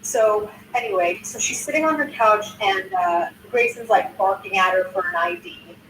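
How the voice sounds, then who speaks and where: A woman's voice: on the high side, animated, moderate pace, a bit bright. An older woman in her sixties, a content creator, recounting a video in a casual, indignant way, swearing often and restarting sentences. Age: 60s. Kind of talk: casual recap of a news video. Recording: roomy sound from a distance, faint noise.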